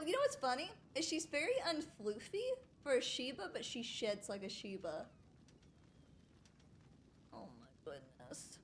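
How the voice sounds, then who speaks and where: A woman streaming a roleplay game, chatting casually to her viewers in an animated, giggly way. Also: on the high side, a little hiss or hum.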